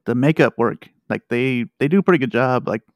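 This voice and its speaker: Mid-pitched man, halting podcast co-host, dry sound. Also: lively intonation, dry recording. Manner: halting, many fillers. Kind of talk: casual chat.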